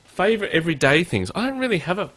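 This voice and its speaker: A man's voice: high voice, big pitch swings, fast, fairly bright tone. A male podcast host chatting casually, joking about himself and laughing often.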